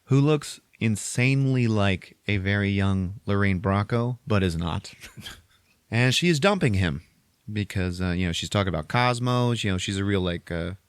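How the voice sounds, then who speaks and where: A man hosting a podcast, casually recapping a movie with animated storytelling. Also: lowish voice, normal speed, clean tone, dry recording. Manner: animated storytelling, frequent laughter. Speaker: podcast host.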